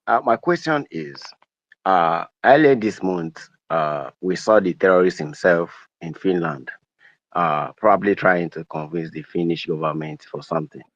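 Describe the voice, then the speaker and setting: A man asking a question on a live call-in broadcast, quick and polite. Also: low voice, animated, no echo. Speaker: caller. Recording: dull dry line.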